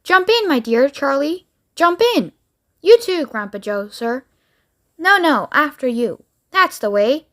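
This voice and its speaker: A woman's voice: high-pitched, very animated, fairly bright tone, exaggerated voice. A woman doing a bubbly eccentric candy maker. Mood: delighted. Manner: bubbly, rapid, exclamatory.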